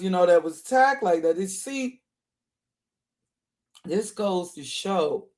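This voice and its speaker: This man's reaction commentary comes in fiery, repetitive bursts full of indignant asides as he doubles back on his points. He is an online commentator, and his voice is notably high-pitched yet a little mellow.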